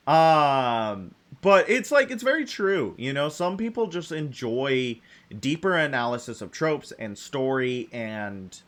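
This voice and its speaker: A man streaming a video game, chatting casually in a rambling, excitable way with sudden jumps in pitch and frequent laughter. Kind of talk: casual chat while playing a game.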